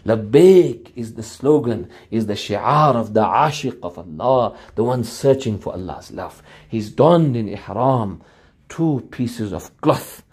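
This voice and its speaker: Fervent male preacher, mellow voice. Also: fairly low pitch, expressive, slow, breathy edge. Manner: fervent, repetitive preaching with chanted Arabic phrases. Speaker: Islamic preacher. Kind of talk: sermon.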